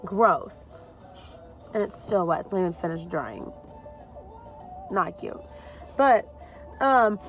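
A woman's voice: mid-range voice, unhurried, long pauses, low-quality recording. Chatty young woman vlogging, music behind. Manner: chatty and animated, laughs often. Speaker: fitness vlogger. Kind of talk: casual vlog chat to camera. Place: car, then gym.

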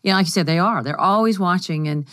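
Woman, podcast co-host, low pitch, affirming, dry close sound. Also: fast talker, dry recording. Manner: warm, affirming, frequent murmured agreement. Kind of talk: casual chat.

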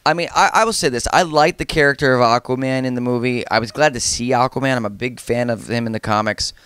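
A man co-hosting a casual film review podcast, talking in an animated way and repeating words when excited. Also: mid-range voice, fast talker, clean tone, no room sound. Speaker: podcast co-host.

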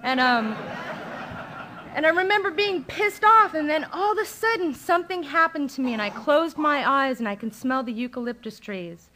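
A woman's voice: sits high, lively intonation, normal speed, pushed and bright, a little hiss or hum. A middle-aged woman speaking at a recovery meeting, telling her personal story candidly and conversationally, with frequent ums and likes. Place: meeting room, live talk recording.

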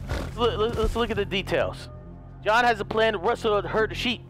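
A hoarse man giving excitable, casual let's-play commentary, cursing freely and chatting to his horse. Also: high voice, moderate pace, music in the background. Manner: excitable, swears often, talks to his horse. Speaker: gaming video host.

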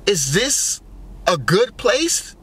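A young male vlogger rambles through a casual monologue, musing and wondering aloud with lots of fillers and swearing. His high voice is very animated yet very slow, bright, forceful, and slightly rough.

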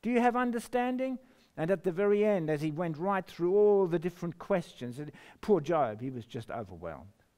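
A man preaching a sermon, reading scripture slowly and emphatically, with sudden rises and drops in his voice. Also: on the high side, animated, warm tone. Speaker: pastor.

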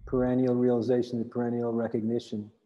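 A man speaking in a measured, even way during a public spiritual dialogue. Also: mid-range voice, highs cut off. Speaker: dialogue partner. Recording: long hall reverb.

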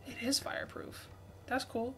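A woman's voice: normal speed, over loud music. A woman in her twenties hosting a casual gaming livestream, chatting and thanking viewers for gifts. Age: 20s. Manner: reads out viewer messages, thanks gifters excitedly. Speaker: livestream host.

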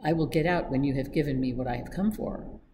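A woman voicing a menacing foreign man from a secret society, with a guttural, slow, threatening delivery, over a noisy recording. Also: a bass voice.

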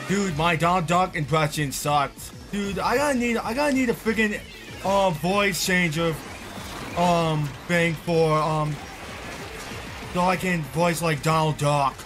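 A man's voice: fairly high pitch, unhurried, music in the background. A man giving live gameplay commentary, raging and cursing, rambling with many fillers. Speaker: gamer.

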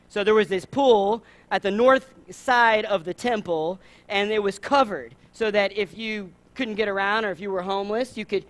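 A man with a Southern US accent preaching a sermon, lively, acting out the people in his stories. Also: high-pitched. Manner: animated, acts out voices in his stories. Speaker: pastor.

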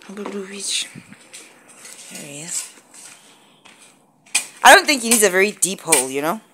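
A woman's voice: mid-range voice, animated, moderate pace, noisy background. A woman talking casually to her viewers in her home kitchen, chatty and playfully mock-solemn as she speaks to her family. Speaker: vlogger, mother. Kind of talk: casual family vlog chat.

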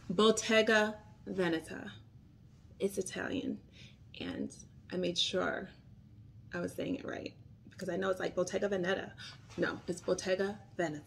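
A woman's voice: mid-range voice, gravelly, fairly bright tone, slight background noise. Chatty bubbly woman vlogging on her phone. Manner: chatty, bubbly, rambling asides. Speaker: vlogger reviewing luxury bags. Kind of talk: casual chat to camera. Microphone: phone camera.

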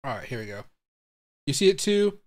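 His mid-range voice is very animated and fairly quick as this young crypto livestream host clicks around on stream. Baffled, he thinks out loud, swears, and addresses viewers directly in loose, casual commentary.

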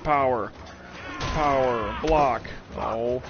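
A man casually commentating his gameplay on a live stream, profane and joking, talking from a warm room at home. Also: medium pitch, extremely slow, music in the background. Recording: muffled stream audio over game noise.

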